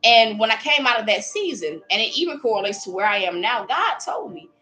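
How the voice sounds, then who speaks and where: A woman preaching in a lively, casual way, acting out little voices as she speaks. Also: fairly high pitch, a little fast, rough recording. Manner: animated, playful, acts out voices while preaching. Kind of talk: livestreamed preaching.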